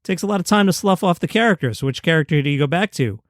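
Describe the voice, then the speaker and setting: A man hosting a daily comedy news show, reading a script in a steady announcer-like way. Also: on the high side, rapid-fire, no room sound, studio quality. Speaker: news host.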